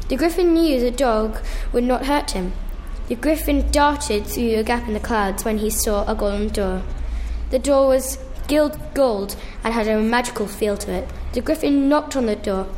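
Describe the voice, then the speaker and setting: Woman reading a kids' story out loud, kinda high voice, faint hiss behind. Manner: slow, careful read-aloud with small restarts.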